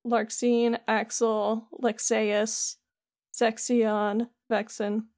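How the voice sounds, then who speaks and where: A woman's voice: a little high, flat delivery, very slow, a little mellow. A woman co-hosting a podcast, animatedly retelling a video game scene in casual chat with many "like" fillers. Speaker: podcast co-host.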